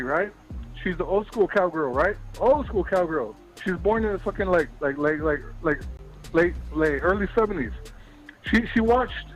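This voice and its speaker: Dude on the phone going off about his team, high voice, cussing nonstop, music faint behind. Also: low-quality recording. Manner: yelling, profane, repeats himself. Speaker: caller. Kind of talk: angry call-in rant.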